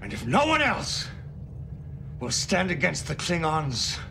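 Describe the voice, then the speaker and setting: Gul Dukat: a brooding, gravelly alien commander. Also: male voice, on the high side, wildly swooping pitch, exaggerated voice. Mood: brooding defiant. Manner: slow, brooding, defiant speech. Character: proud, bitter Cardassian military commander. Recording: TV clip with clear background noise.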